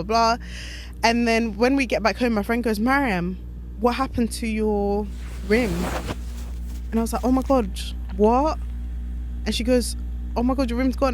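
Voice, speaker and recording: A woman, co-hosting a podcast and telling a story in a chatty, animated way. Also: medium pitch, slight background noise. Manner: animated, chatty, lots of fillers. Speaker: podcast co-host. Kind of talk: casual storytelling.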